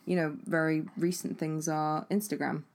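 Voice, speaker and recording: Low, gravelly-voiced playful woman co-host. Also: little pitch movement, normal speed, a little mellow. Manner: playful and teasing. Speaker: podcast co-host. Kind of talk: casual film podcast chat.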